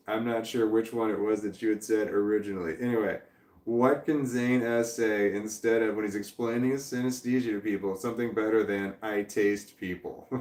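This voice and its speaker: A man's voice: mid-range voice, a little mellow, reverberant. A man hosting a casual livestream, rambling and chuckling as he reads viewer comments aloud and trails off mid-thought. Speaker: livestream host.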